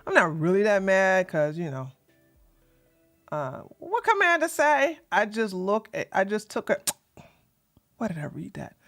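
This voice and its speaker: A woman with a mid-range, sing-song voice and a fairly bright tone speaks at a measured pace, pausing often. She's hosting a casual livestream, rambling and flustered as she adjusts her setup, and talks to chat bluntly and sassily with mild cursing. Faint music plays behind.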